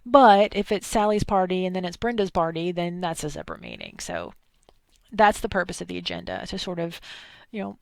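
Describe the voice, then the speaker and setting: A woman's voice: medium pitch, no echo. A woman from Arkansas with a thick Southern accent, giving a chatty, digressive lecture with asides. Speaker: instructor. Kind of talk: recorded lecture.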